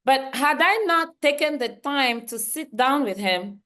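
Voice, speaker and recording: A woman from Central Africa leads a workshop session at an unhurried pace. Her voice sits a touch high, and she drives points home by saying them twice, breaking into easy laughter. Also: animated, sharp tone. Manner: emphatic, repeats key lines, laughs easily. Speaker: workshop trainer. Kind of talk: online leadership training talk.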